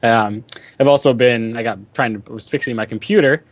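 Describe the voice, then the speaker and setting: A man's voice: mid-range voice, fairly quick, no room sound. A man hosting a casual gaming podcast, talking in a rambling, filler-heavy way. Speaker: podcast host. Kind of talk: casual chat.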